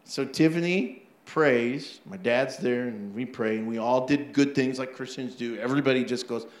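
A man's voice: medium pitch, moderate pace, echoey room. A man preaching a sermon as pastor, telling stories animatedly with laughs and acted-out asides.

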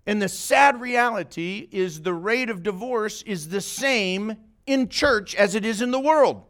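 High-voiced man preaching conversationally. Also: a bit bright. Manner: conversational, asks the listeners questions often. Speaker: pastor. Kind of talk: informal sermon to a small group. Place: church meeting room, live-streamed.

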